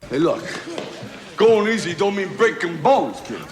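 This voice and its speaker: An actor playing a gruff middle-aged boxing trainer who shouts orders in rough street grammar, from a film clip. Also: male voice, high-pitched, big pitch swings, a little slow. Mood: stern. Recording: film clip with gym crowd behind.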